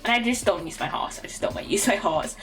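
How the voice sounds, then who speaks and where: A woman's voice: mid-range voice, quick pace, fairly bright tone. A young British woman streaming a game, chatting casually and rambling, often stumbling over her words and giggling. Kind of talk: casual chat while gaming. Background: faint lofi music.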